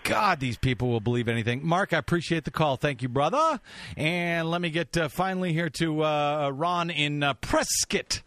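Halting radio talk host. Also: male voice, on the high side, fairly bright tone, no room sound. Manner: halting, many "uh" fillers. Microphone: studio microphone.

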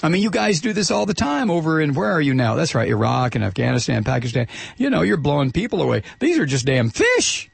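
Give me a smug, greedy oil company executive, put on by a man who talks down to everyone with sneering condescension. His voice is gravelly and a little husky, and it swoops up and down. The sound is close and dry. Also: on the high side, animated, a little fast, dry recording, exaggerated voice.

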